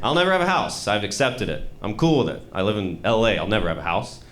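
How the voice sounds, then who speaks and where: A young man from the US South telling stand-up stories, slipping into quick put-on voices. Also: lowish voice. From Royston, Georgia, US South. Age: young adult. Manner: animated storytelling, quick bursts of put-on voices. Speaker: stand-up comedian. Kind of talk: stand-up comedy set. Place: comedy club stage before a laughing audience. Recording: noisy live club with audience laughter.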